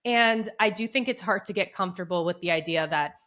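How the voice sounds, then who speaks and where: A woman's voice: lowish voice, a little fast, a bit bright. A woman hosting a career interview, speaking in an encouraging, enthusiastic way. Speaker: podcast host, interviewer. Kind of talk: casual interview conversation.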